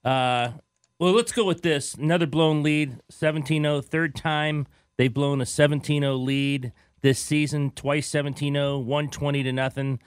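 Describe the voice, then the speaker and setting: A man's voice: fairly high pitch, moderate pace, clear, resonant tone, no echo, clean studio sound. Jokey male sports radio host. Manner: jokey, energetic, trails off in fillers. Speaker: sports talk show host. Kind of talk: casual sports talk.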